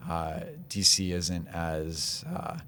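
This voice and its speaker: A young man with a low, deep voice hosts a casual podcast interview. He talks in an easygoing way, full of "like" and "you know" and quick agreement. A faint rumble sits under the recording. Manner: relaxed, filler-heavy, agreeable. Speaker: podcast host.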